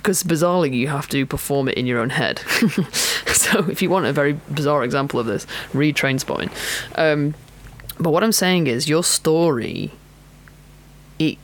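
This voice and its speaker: A woman who coaches pole dancers, hosting a casual solo podcast in a chatty, frank way, with self-mocking laughs and many fillers. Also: low voice.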